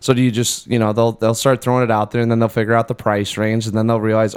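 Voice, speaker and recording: A man's voice: on the low side, level tone, fast talker, clean tone. A man co-hosting a podcast, chatting casually and thinking aloud with lots of fillers and restarts. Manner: laughs often. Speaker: podcast co-host. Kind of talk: casual chat.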